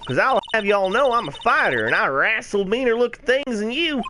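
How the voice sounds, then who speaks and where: A man's voice: high-pitched, lively intonation, a little fast, bright, forceful tone, slight background noise. A man putting on a feisty Southern woman with a drawl. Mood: defensive. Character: brash loud Southern woman photographer. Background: background music.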